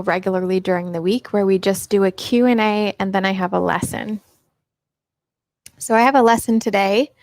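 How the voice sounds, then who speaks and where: A woman's voice: on the high side, dry recording. A middle-aged woman hosting a casual live Q&A stream on her own mic, chatty and upbeat, greeting viewers by name. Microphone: personal microphone.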